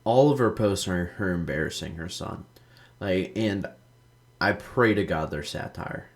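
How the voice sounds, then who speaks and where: Low-voiced young man rambling casually. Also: a little slow. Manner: rambling storytelling, heavy swearing, lots of "like". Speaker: gaming video host. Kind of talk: casual gameplay commentary.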